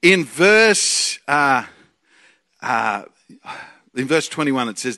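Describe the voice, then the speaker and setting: Excitable Australian preacher with a bright voice. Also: male voice, medium pitch, takes it slowly. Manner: excitable, jokey, swings from loud bursts to quiet asides. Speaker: preacher and Bible college teacher. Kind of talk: sermon.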